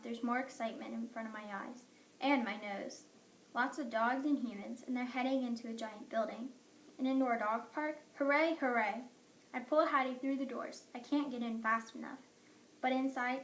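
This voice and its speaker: A woman's voice: on the high side, slight background noise. Woman narrating a children's story. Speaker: audiobook narrator. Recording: echoey room, mic at a distance.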